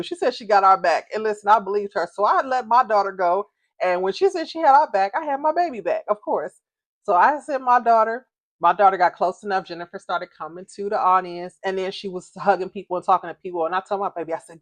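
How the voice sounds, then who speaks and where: Woman, middle-aged, casual storytime, animated, laughing, dry close mic. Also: lowish voice, quick pace, no echo. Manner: animated, laughing, acts out quoted voices. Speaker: vlogger telling a story.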